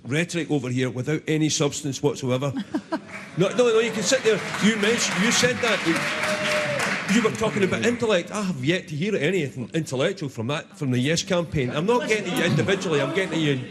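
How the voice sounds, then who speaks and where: An indignant man with a Scottish accent argues from the floor of a debate. His voice runs a bit high, with a crowd clearly audible around him. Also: expressive, fast talker. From Glasgow, Scotland. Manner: indignant, combative. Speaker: audience member. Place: hall with audience.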